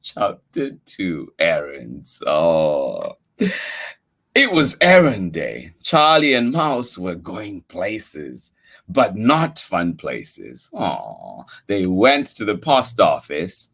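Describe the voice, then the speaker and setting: A man reading a children's picture book aloud, slow and unhurried. His voice swings dramatically in pitch, and he breaks in with playful, chatty asides to young listeners. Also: huge pitch swings, gravelly, fairly bright tone. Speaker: storyteller.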